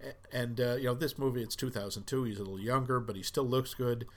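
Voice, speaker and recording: A man from the Boston area, co-hosting a casual film review chat and offering quick, opinionated remarks. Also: medium pitch, steady tone. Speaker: podcast co-host.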